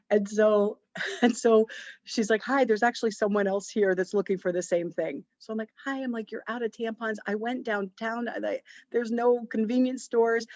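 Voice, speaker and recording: A woman hosting a podcast, telling a story in a chatty, animated way and acting out bits of dialogue. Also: medium pitch, no room sound, muffled recording. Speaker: podcast host. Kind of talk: casual storytelling monologue.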